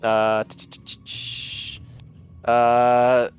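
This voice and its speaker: A man's voice: mid-range voice, monotone, extremely slow, clean tone, soft background music. A man playing a tabletop game, hesitant and fumbling for words as he decides what to do. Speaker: player. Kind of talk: casual tabletop play.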